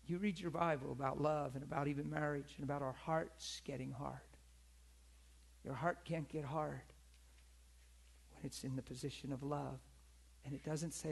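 A man's voice: on the high side, fairly even intonation, normal speed, vocal fry, pauses often, husky. A middle-aged man preaching a sermon in a conversational, storytelling way, calling out to his congregation.

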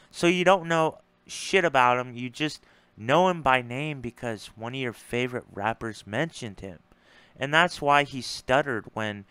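Frustrated ranting man, smooth voice. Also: medium pitch, sharp tone, no room sound. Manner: frustrated, blunt and profane, repeats words. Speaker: streamer responding to a debate. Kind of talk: casual ranting monologue.

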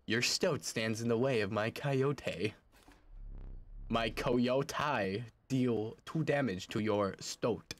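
A man voicing an ominous male game dealer, reading rules slowly and deliberately in a low voice. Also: a little hiss or hum, natural voice.

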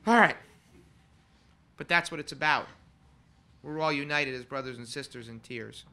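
A man serving as funeral celebrant, giving an earnest, heartfelt eulogy in a conversational manner with pauses. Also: a little high, bright, forceful tone. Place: funeral home chapel.

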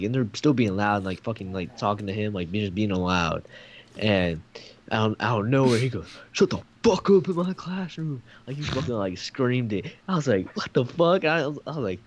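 Rambling young man with a low voice. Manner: rambling storyteller, heavy swearing and fillers. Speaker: podcast co-host. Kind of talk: casual chat.

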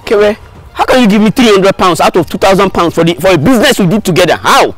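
A man's voice: sits high, animated, quick pace, faint music behind. An actor playing an aggrieved young man who insists on his fair share. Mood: insistent. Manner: pleading, insistent. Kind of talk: film comedy acting.

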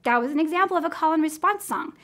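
A middle-aged American woman with a clear, encouraging manner, teaching teachers how to guide children's singing. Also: high voice, lively intonation, quick pace, a bit bright. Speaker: music teacher trainer. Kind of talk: instructional demonstration.

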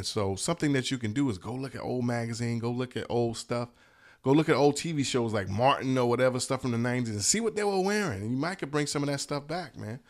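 A man of ordinary middle pitch chats loosely through a stack of shirt designs. He is laid-back and slangy, cheerfully hyped, and he swears now and then as he goes. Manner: relaxed, slangy and enthusiastic, repeats "dope", swears. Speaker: host of a t-shirt business channel. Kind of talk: casual talk showing shirt designs.

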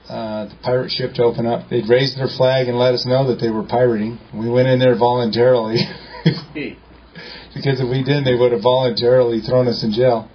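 A man's voice: medium pitch, lo-fi sound, a little hiss or hum. A man telling a story to a live group in a joking, colloquial way, acting out the dialogue. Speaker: speaker at a meeting.

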